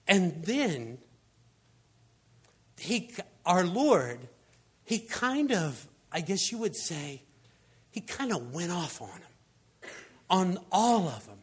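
A man delivers a relaxed, conversational sermon and sounds more like he's telling stories to friends than lecturing. His voice sits a little high for a man. His delivery is animated and peppered with casual fillers. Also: slow, breathy edge. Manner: animated storyteller, frequent fillers like "I mean" and "you know". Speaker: pastor.

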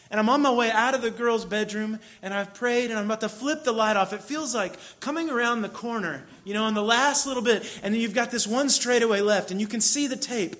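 A man preaching a sermon in a relaxed, conversational storytelling way, with sudden bursts of mock frustration. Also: sits high. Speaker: pastor.

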